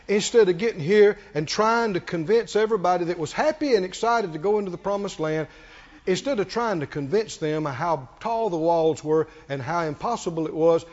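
High-pitched preacher, shouting and hushed. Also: male voice, lively intonation, lo-fi sound. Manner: dramatic storytelling, swings from loud shouting to low murmur; acts out the characters' lines in quick voices. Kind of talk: sermon.

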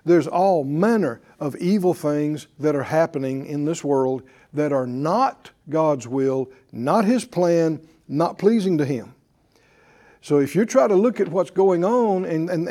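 A man's voice: on the high side, dark tone. A male pastor preaching a sermon to a live congregation, with emphatic call-and-response delivery. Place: church before a live congregation.

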